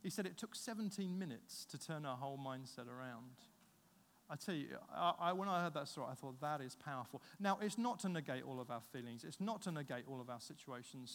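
A man preaching a sermon, telling stories and acting out the dialogue with lively energy. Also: mid-range voice. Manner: animated storytelling, acts out dialogue. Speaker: pastor. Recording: long reverb of a large hall.

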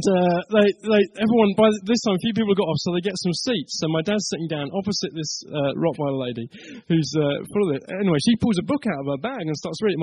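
Husky high-voiced man preaching. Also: darkish tone, low-quality recording. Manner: chatty storyteller, laughs at his own tale. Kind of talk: sermon with a told story.

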